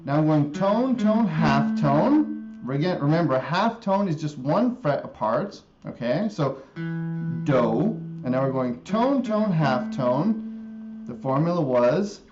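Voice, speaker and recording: A man teaching guitar music theory in a live stream, slowly repeating a scale formula and often checking in with an "okay?". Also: on the high side, lively intonation, darkish tone, dull audio. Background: guitar playing.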